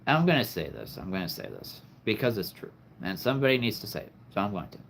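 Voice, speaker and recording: A man's voice: fairly low pitch, huge pitch swings, fast talker, vocal fry, fairly bright tone, slight background noise. A man hosting a live stream, talking to his viewers in an earnest, heartfelt, reflective way. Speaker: livestream host.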